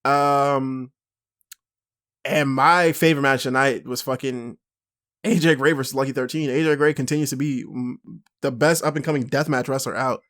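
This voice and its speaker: A young man co-hosting a podcast, chatting excitably, laughing often and swearing a lot. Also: medium pitch, normal speed. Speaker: podcast co-host. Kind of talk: casual chat.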